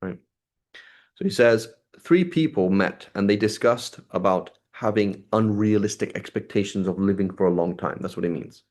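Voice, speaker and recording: A man with a fairly low voice teaches a religious class. He talks in a loose, conversational way, reads short passages and then explains them plainly, and often checks in with his listeners. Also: moderate pace, darkish tone. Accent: British English. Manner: conversational, asks "right?" often, reads Arabic then paraphrases. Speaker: Islamic studies teacher. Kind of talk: class lecture on a classical text.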